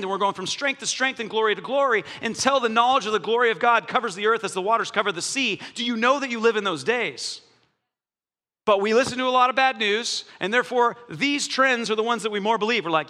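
A man, a pastor, preaching a sermon in a church, animated and jokey with strong emphasis. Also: extremely high pitch, fast. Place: church hall. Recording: echoey church hall.

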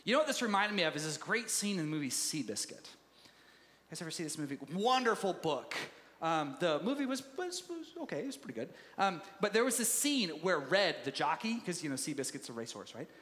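A man preaches in a high, lively voice that swoops up and down as he talks. His tone is bright and forceful, conversational, and quick to laugh. The sound rings with a long reverb, as in a church hall. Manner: animated, conversational, laughs easily. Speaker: pastor. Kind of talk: sermon.

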